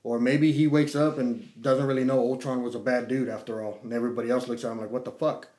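A middle-aged man telling a story in casual chat, swearing freely and acting out quotes with lively energy. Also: medium pitch, quick pace. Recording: echoey room.

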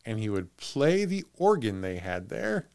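Animated man telling a ghost story. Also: on the low side, a little slow, clear, resonant tone. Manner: animated, laughs often, trails off and restarts. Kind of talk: casual chat.

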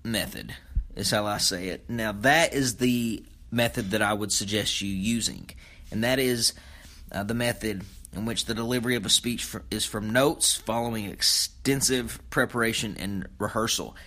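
A man's voice: on the low side, moderate pace, sharp tone. A man hosting a podcast, teaching public speaking in a conversational spoken lesson with frequent fillers and self-corrections.

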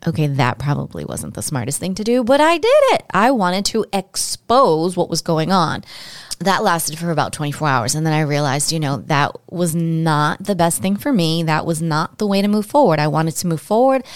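Female podcast host, lower voice, candid and emotional storyteller, dry close-mic sound. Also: no echo. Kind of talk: personal storytelling monologue.

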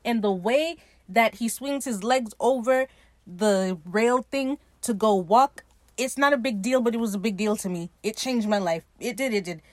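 A woman hosting a podcast, casually recapping a TV episode in an animated, gushing, profane way. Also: a little high, moderate pace, dry recording. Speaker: podcast host.

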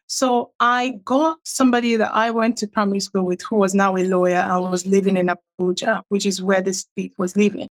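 A woman's voice: medium pitch, steady tone, fairly quick, few pauses. A middle-aged woman from Nigeria, a writer, telling her own story and acting out what others said in a raised, livelier voice. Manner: acts out quoted people with a raised, livelier voice. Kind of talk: animated personal storytelling.

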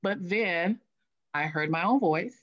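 A woman's voice: on the low side, takes it slowly, highs cut off. A woman guest telling stories in an interview, acting out what she and others said. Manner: animated, acts out her own past voice. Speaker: guest, author. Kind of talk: interview storytelling.

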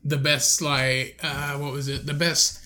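A young man with a slightly raised voice rambles through crude stories on a casual podcast. He often slips into quick impressions of people as he talks. His delivery is loose and unpolished. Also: fairly high pitch, flat delivery, bright, forceful tone. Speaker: podcast co-host. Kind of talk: casual chat.

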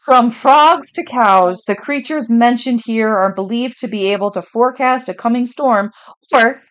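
Female co-host, reads facts aloud in mock newscaster style, slightly high voice. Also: measured pace. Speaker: podcast co-host. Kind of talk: casual chat, reading facts aloud.

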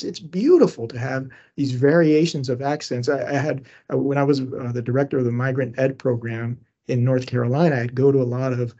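A man's voice: mid-range voice, mellow, slightly rough, muffled recording. A middle-aged man from Cuba, an educator speaking as a podcast guest, talking earnestly and growing emphatic when he makes a point. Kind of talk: conversational podcast interview.

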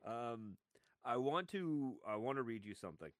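A man's voice: mid-range voice, lively intonation, moderate pace, no echo. Easygoing laughing man, dry mic. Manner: laughs easily, loose and profane. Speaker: podcast co-host. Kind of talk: casual chat.

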